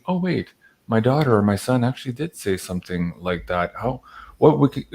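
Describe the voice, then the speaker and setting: A man hosting a livestream, asking measured questions with some fillers. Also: fairly low pitch, a little mellow. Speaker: livestream host. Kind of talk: casual interview.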